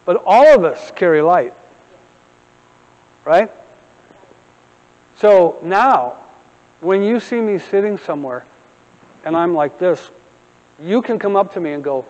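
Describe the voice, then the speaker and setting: A middle-aged man preaching a sermon with humorous storytelling and animated asides, speaking as pastor of a church. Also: high-pitched, slow, pauses often, in a large hall, muffled recording. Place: church sanctuary.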